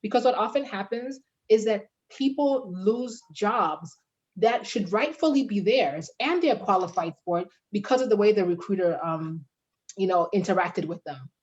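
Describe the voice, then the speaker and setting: A woman career advisor on a panel discussion, talking in an animated way and acting out bits of dialogue. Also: mid-range voice, normal speed, dull audio. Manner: animated, acts out quoted dialogue.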